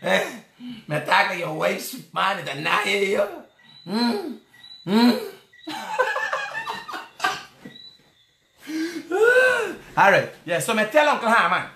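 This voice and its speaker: Guyanese creole guy riffing on politics, jokey and chatty, bright voice that swings all over, echoey room. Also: high-pitched, wildly swooping pitch, drawn-out words, gravelly, pauses often. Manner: joking, laughing, rambling, addresses listener directly. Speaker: political commentary host. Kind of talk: casual political commentary.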